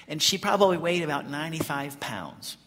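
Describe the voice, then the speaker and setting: A pastor from Colorado tells an animated, folksy story during a sermon. His voice is bright and gravelly with a slightly high pitch. Long hall reverb trails his words. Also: fairly quick.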